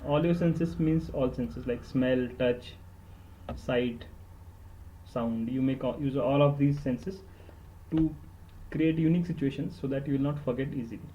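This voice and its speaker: A man's voice: mid-range voice, a little slow, mellow, lo-fi sound, slight background noise. Earnest Indian man giving study tips. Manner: earnest and emphatic, repeats words for stress, switches into Hindi. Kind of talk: instructional podcast talk.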